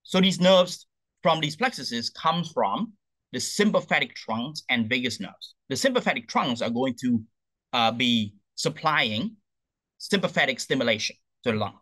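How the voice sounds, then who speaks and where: Lively man lecturing, bright dry voice. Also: mid-range voice, measured pace, no echo, poor audio. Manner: lively, repeats "okay?" to check understanding; asks rhetorical questions and answers them. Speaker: anatomy lecturer. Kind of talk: recorded anatomy lecture.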